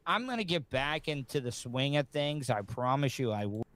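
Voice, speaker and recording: A man hosting a live podcast, signing off in an apologetic, halting way. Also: medium pitch, animated, a bit bright, no echo. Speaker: podcast host in a played clip.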